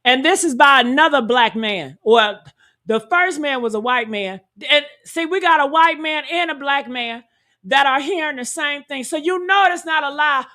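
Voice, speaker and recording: A woman giving heated, profane reaction commentary, talking loudly and indignantly and calling out to her viewers. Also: high voice, expressive, normal speed. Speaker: commentary streamer.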